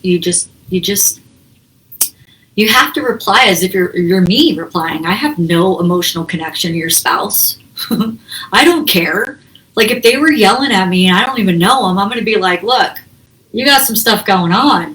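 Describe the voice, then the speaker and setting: A woman hosts a self-help channel, explaining things in a casual, conversational way, laughing often and giving quoted examples. Her voice is mid-range and fairly bright, and the recording is rough.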